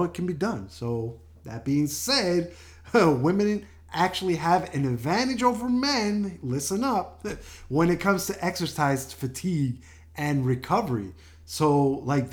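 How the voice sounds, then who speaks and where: An older man hosting a health show in a casual monologue, chatty, often laughing and full of fillers and restarts. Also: on the high side.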